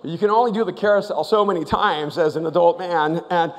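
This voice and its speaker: A man preaching a sermon as pastor, telling stories with animated asides. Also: sits high, fairly quick, big-room sound. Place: large church auditorium.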